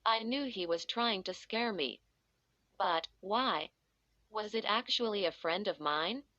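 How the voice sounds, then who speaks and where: Slow, bright-voiced woman reading a story. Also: medium pitch, no room sound. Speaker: audiobook narrator. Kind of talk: first-person story reading. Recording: dull lo-fi dry recording.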